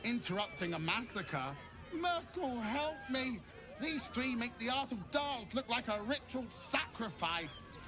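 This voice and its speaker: A man's voice: very high voice, big pitch swings, measured pace, music in the background, heavily acted. A man voicing a theatrical male ringmaster necromancer in a game, drawling and dramatic. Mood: grandiose.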